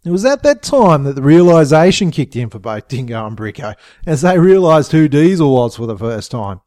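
Swearing storyteller. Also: male voice, fairly high pitch, moderate pace. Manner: profane, expressive. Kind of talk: comic storytelling narration.

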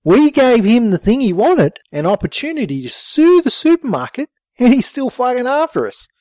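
Man voicing Bricko, an excitable rough bloke. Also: very high-pitched, normal speed, dry recording, pitched above the performer's own voice. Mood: scheming. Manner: excitable, swearing, shouting in alarm.

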